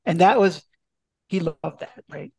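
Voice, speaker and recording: A man's voice: sits high, unhurried, creaky, darkish tone, breathy edge, dry recording. A man, a doctor and author, answering podcast interview questions in a chatty way, full of restarts and acted-out dialogue.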